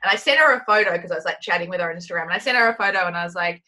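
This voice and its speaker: Aussie woman guest, jokey and giggly, bright high voice that bounces all over. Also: expressive, rapid-fire, few pauses, poor audio. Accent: Australian. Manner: playful, jokey, giggly, full of goofy bits. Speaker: children's author guest. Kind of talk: casual interview chat. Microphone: microphone with windsock on a video call.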